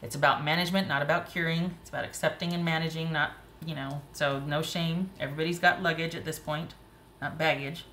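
A woman giving a casual, chatty tarot reading, encouraging and quick to laugh and exclaim. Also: deep voice, fairly even intonation, fairly bright tone, reverberant, a little hiss or hum. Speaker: tarot reader.

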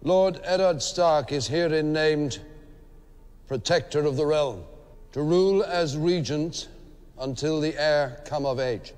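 A royal herald reading slow and formal, smooth clear voice, long hall echo. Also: male voice, fairly high pitch, a little mellow.

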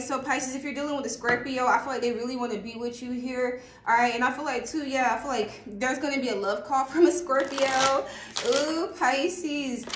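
Excitable high-voiced woman reading tarot. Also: echoey room, slight background noise. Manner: excitable, laughs often, sings snatches. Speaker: tarot reader. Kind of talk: casual tarot reading livestream.

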